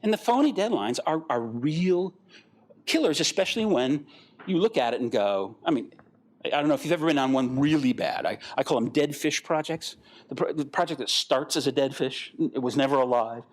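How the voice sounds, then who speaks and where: Animated older man giving a talk. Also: on the high side, fairly quick. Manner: animated, rambling storyteller acting out quoted voices. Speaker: guest speaker. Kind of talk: conference talk.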